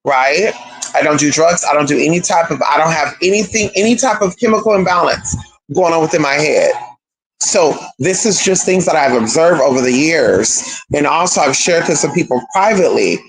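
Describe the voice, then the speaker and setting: Animated, profane livestream talker. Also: medium pitch, moderate pace, low-quality recording. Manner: animated, profane, chatty, addresses viewers as y'all and girl. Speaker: streamer. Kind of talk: casual spiritual monologue.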